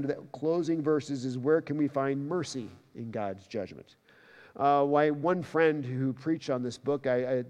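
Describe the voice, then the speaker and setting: Animated male preacher in a reverberant hall. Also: a little high. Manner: animated, loud bursts when quoting scripture. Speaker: pastor. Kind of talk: sermon.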